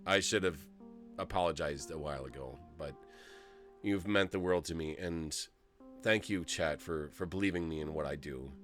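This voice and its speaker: A man streaming a game live, shouting excited thanks and then turning tearful and emotional. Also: a bass voice, normal speed, soft background music. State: close to tears. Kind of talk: live-streamed gameplay commentary.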